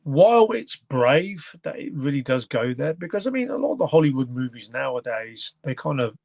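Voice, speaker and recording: A man's voice: medium pitch, sing-song, moderate pace, vocal fry, a little mellow, no room sound. Male podcast host, mid-range voice, dry sound, rambling hesitant delivery. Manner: rambling, hesitant, stops to search for words. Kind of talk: casual film review chat.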